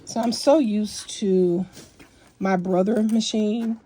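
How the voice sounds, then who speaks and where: A woman's voice: mid-range voice, steady tone, slow. Lady doing a sewing lesson at home, chatty, sniffles a bit, phone mic, slight hum behind. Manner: chatty, folksy, apologetic asides. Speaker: sewing tutorial host. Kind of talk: casual sewing tutorial. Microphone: phone mounted near sewing machine.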